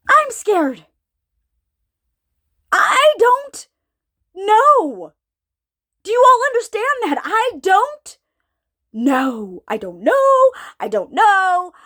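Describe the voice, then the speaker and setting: A woman preacher with a very high, animated voice that swoops up and down. She delivers an informal sermon in a searching way, repeating herself and putting questions to her listeners.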